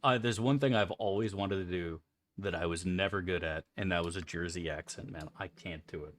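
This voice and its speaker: A male gaming streamer with a lowish voice, rambling and joking to his chat with plenty of swearing. He talks into a desk microphone, with a faint hiss behind him. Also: moderate pace. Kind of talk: casual gameplay chat.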